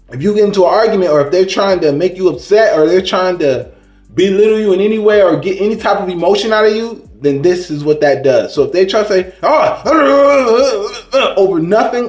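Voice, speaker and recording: A man's voice: high-pitched, a little mellow, roomy sound. A man giving a rambling, preachy spiritual monologue in a casual vlog, full of slang and restarts. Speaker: spiritual vlogger.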